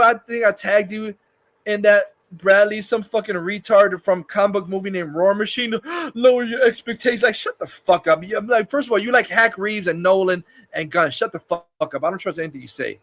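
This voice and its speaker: A man's voice: sits high, a little fast, a bit bright, no room sound. A man hosting a casual livestream chat, profane and rambling, laughing often. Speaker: livestream host.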